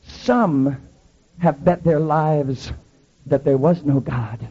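A man's voice: on the high side, takes it slowly, dark tone, slightly rough, muffled recording. A man preaching a Pentecostal sermon, telling dramatic stories with heavy repetition.

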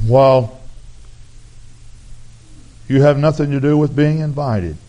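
A man preaching an altar call, his raspy voice earnestly pleading with the congregation to come forward. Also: medium pitch, slow, warm tone, low-quality recording. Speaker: pastor. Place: church sanctuary.

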